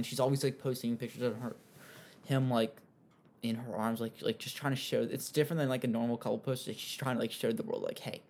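A young man giving casual, rambling commentary on an online feud, with frequent fillers and animated asides. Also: medium pitch, slight background noise. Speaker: commentary host.

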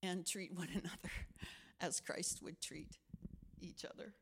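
A woman's voice: lowish voice, measured pace, vocal fry, a little hiss or hum. A middle-aged woman pastor giving a conversational sermon, telling a personal story and acting out the voices in it. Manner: animated storytelling with acted-out quotes.

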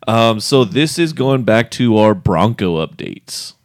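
Low-voiced man in casual podcast chat. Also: slow, no room sound, studio quality. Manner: relaxed, laughs often, trailing restarts. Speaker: podcast co-host.

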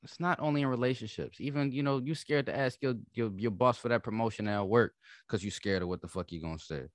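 A man's voice: medium pitch, fast talker, no room sound, clean studio sound. A man co-hosting a casual podcast, laid-back, giving advice and signing off the episode. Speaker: podcast co-host. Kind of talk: casual chat.

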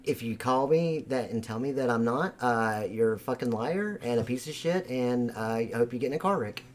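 A man's voice: mid-range voice, normal speed, a little hiss or hum. A man improvising a crude contestant character, rambling and boastful with constant swearing. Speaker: game show contestant. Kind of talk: crude improvised role-play.

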